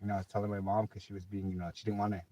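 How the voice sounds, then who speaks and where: A man's voice: fairly low pitch, flat delivery, rapid-fire, warm tone, dull audio. A middle-aged man hosting a livestream, telling rambling stories in casual chat, cursing freely. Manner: rambling profane storytelling. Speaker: livestream host. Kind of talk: casual late-night chat.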